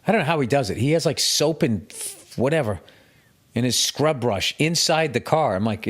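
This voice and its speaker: A middle-aged man hosts his podcast alone, speaking fairly quickly at medium pitch with lively intonation. His solo rant is comedic, profane, and self-mocking.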